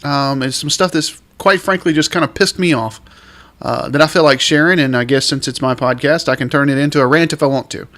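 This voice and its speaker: A man hosting a real estate podcast, ranting in an exasperated, emphatic way and drawing out the words he wants to stress. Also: mid-range voice. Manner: lively, drawn-out stresses on key words. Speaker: realtor and podcast host. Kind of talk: podcast rant.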